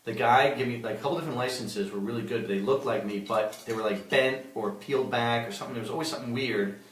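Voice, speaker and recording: A man talks fast in casual podcast chat as he tells a funny story, laughing easily. His voice sits back from the mic in a roomy, echoing space. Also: medium pitch, far from the mic, a little hiss or hum. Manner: animated storyteller, quick laughs. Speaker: comedian and co-host.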